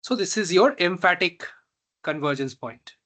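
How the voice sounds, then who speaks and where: A man teaching a reinforcement learning tutorial, slow and halting, often pausing to check that students follow. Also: sits high, animated, sharp tone. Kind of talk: online math tutorial.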